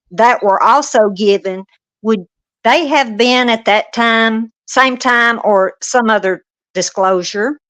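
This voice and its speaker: A woman reading the part of a female prosecutor, questioning a witness in a steady, pointed way. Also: a little high. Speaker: reader in a transcript read-through. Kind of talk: courtroom transcript reading.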